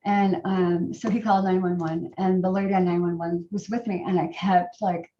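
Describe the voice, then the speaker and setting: A middle-aged woman telling a personal story to a group, in a halting way with many fillers and restarts. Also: fairly low pitch, level tone, a little hiss or hum. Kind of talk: personal testimony talk. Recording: roomy, distant, dull sound.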